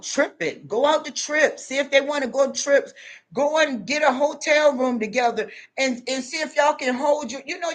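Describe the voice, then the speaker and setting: A woman's voice: high voice, a bit bright. Middle-aged woman vlogger, preachy and emphatic, repeats every point. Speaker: advice vlogger. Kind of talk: casual advice monologue.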